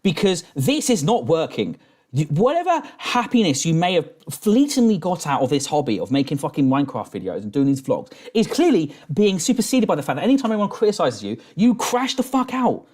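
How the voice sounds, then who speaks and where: A man's voice: a little high, sing-song, a little fast, darkish tone. A man streaming a reaction who rants angrily, swears constantly and talks in rambling restarts while drinking. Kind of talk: profane reaction rant.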